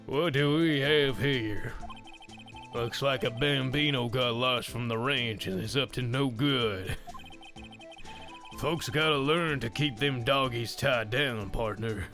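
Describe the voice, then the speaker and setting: A man's voice: mid-range voice, takes it slowly, music in the background. A man voicing a swaggering male detective who talks like a Wild West sheriff, in a put-on Southern drawl. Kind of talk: one-man voice acting of a game.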